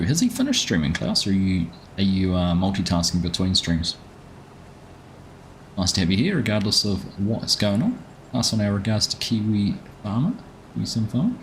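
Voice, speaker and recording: Male streamer host, deep voice, easygoing chatter, greets viewers by name. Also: sing-song, normal speed, slight background noise. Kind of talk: casual live-stream commentary.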